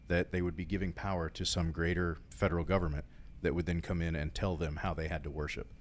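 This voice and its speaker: A man with a very low, deep voice talks through history in a long, rambling explanation, dropping fillers like "uh" and "right" as he goes. He co-hosts a casual political chat show, with a faint hum of room noise behind him. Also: flat delivery, fast talker. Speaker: co-host.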